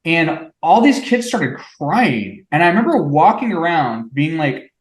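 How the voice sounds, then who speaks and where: A man's voice: fairly high pitch, big pitch swings, measured pace, hardly any pauses. Wry man in an echoey room. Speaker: podcast co-host. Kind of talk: casual chat among old friends.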